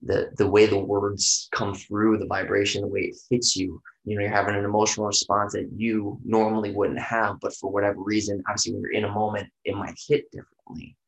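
A man's voice: fairly low pitch, monotone, a little fast, creaky, few pauses, reverberant. A man in casual podcast conversation, rambling loosely and swearing freely, packing his talk with fillers like "you know" and "right".

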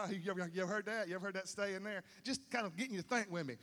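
A man's voice: high voice, steady tone, fast, hardly any pauses, a bit bright. A man preaching a sermon, folksy and repetitive, building to emphatic peaks. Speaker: pastor. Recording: long hall reverb.

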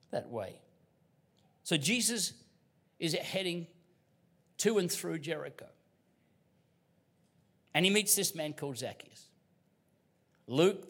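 A middle-aged Australian man from Queensland preaching a sermon as a guest pastor, telling stories with humor and dropping to hushed tones. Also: high voice. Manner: storytelling with humor, dynamic swings from loud to hushed. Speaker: visiting pastor.

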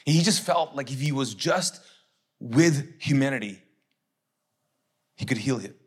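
A middle-aged man, a pastor, preaching a conversational sermon, repeating phrases for emphasis and acting out listeners' objections in quick asides. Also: medium pitch, expressive, breathy edge.

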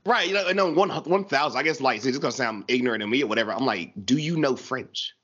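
A man with a Southern US accent, hosting a podcast in casual, slangy chat. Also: mid-range voice. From American South. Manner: animated, slangy, drawn-out phrasing. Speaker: podcast host. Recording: dull lo-fi audio.

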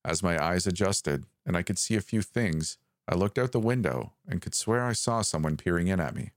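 A man with a very deep, low voice reads a first-person horror story. His delivery is calm and measured, and the recording is dry and close, with no room sound. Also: no room sound.

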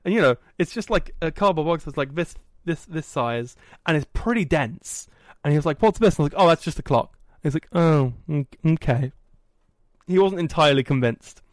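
A man hosting a podcast, telling a story in a casual, animated and self-mocking way. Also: on the high side, brisk, dry recording. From England. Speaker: podcast host. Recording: dry, poorly set up audio.

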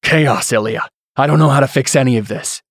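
A man's voice: mid-range voice, a little fast, no echo, clean studio sound, close to an everyday voice. A man voicing a proud blacksmith who speaks curtly and defensively, barely holding his temper. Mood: snapping. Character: tense, proud middle-aged blacksmith.

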